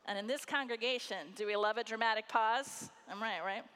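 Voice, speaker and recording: A woman preacher delivering a sermon with emphatic phrasing and dramatic pauses. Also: fairly high pitch, fairly bright tone, clear, resonant tone. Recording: hall reverb.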